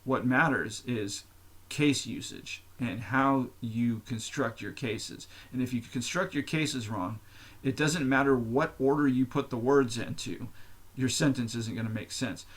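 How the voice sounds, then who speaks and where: This is a man with an unhurried, husky, medium-pitched voice, hosting a podcast by himself. He rambles candidly and profanely, stretching out his explanations with fillers in a loose solo monologue.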